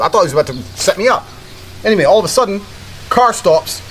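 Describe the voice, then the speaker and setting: A man's voice: on the high side, very animated, rapid-fire, fairly bright tone, a little hiss or hum. A man telling a story in a blunt, casual way, with heavy swearing.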